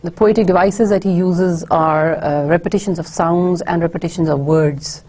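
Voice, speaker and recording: A woman's voice: lowish voice, fairly even intonation, normal speed, mellow. A woman giving a recorded university literature lecture, explaining steadily with frequent filler words. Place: recording for an online course.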